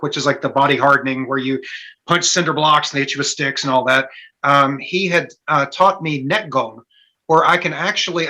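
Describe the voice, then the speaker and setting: A man with a fairly high, bright voice, deep into an animated story on a podcast. He slips into the voices of the people he quotes. His tone is forceful and tense. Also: low-quality recording. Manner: animated anecdote-telling, acts out quotes. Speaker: guest stunt performer.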